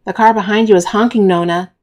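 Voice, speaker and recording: A woman's voice: mid-range voice, fairly even intonation, quick pace, a little mellow, pitched above the performer's own voice, lightly acted. A woman reading an audiobook, voicing a matter-of-fact young boy who tattles. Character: blunt, literal-minded young boy.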